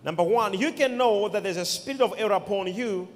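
A man's voice: high-pitched, fairly quick, slight background noise. A man preaching a sermon, emphatic, repeating key words and calling on the congregation to respond. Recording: long hall reverb.

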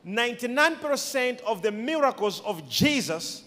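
A man preaching a sermon, emphatic, with sudden shouted peaks and quiet asides, recorded in an echoey church hall. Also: very high voice, big pitch swings, normal speed.

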